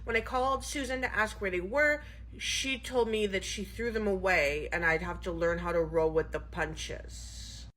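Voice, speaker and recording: A woman's voice: mid-range voice, normal speed, a bit bright, natural voice. A woman playing a nervous young female trainee manager in a comedy skit, hesitant and stammering.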